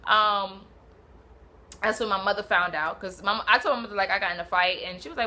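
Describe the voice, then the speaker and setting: Bright-voiced New woman telling a story. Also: medium pitch, a little fast. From Brooklyn, New York. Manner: animated, swearing, slangy, acts out quotes. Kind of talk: casual storytelling.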